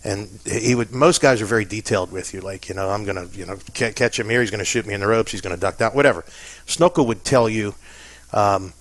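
A man's voice: on the low side, fast talker, a bit bright, dry recording. A man from Pennsylvania telling stories in a casual interview, chatty and self-deprecating. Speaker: interview guest.

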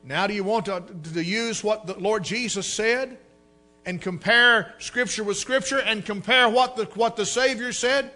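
Fervent preacher, very high bright voice. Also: male voice, moderate pace, soft background music. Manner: fervent, rising to shouts. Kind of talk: sermon.

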